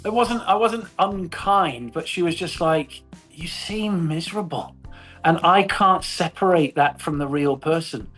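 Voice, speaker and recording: Animated storytelling man, rather high voice. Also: a little slow, hardly any pauses, faint music behind. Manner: animated storyteller, swears, laughs often. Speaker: actor guest. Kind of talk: casual interview chat.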